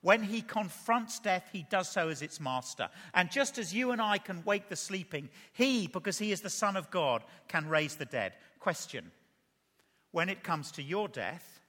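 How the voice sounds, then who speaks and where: A man preaching a sermon, animated and full of rhetorical questions to the congregation. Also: sits high, normal speed, hardly any pauses. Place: church. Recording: reverberant church hall.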